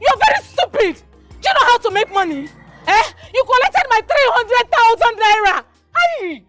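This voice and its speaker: An actress with a Nigerian accent playing a furious woman who loudly shames a man who owes her money, shouting in Pidgin. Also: very high voice, big pitch swings, normal speed, over loud music. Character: loud furious woman shaming a debtor in public. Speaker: businesswoman owed money. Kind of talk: Nollywood film acting.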